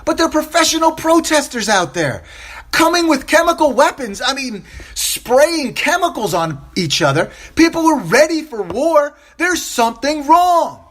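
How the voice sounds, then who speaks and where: A man's voice: very high voice, very animated, moderate pace, a bit bright. A man hosting a solo opinion podcast, upset and impassioned, repeating phrases for emphasis and stumbling over restarts. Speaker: podcast host.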